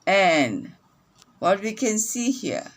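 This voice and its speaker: A woman teacher reading a phonics lesson aloud to young children, repeating each sentence slowly and clearly. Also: medium pitch, very animated.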